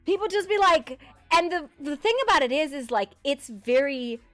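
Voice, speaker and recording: A woman's voice: high-pitched, animated, moderate pace, a bit bright, dry recording, faint music behind. A woman streamer chatting casually about her roleplay character, rambling with fillers, swearing and laughs. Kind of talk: casual live-stream chat.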